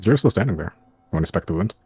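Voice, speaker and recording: A man narrating a tabletop game as game master, describing scenes in a halting way with many fillers. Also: low-pitched, expressive, mellow, slightly rough, no room sound, soft background music.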